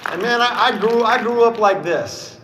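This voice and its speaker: A man's voice: sits high, moderate pace, over a noisy crowd, heavy background noise. A man in his fifties, a company CEO giving a motivational sales speech on stage, telling stories and acting out the dialogue. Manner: storytelling, acting out quoted dialogue. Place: stage in a large event hall. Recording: echoey hall sound.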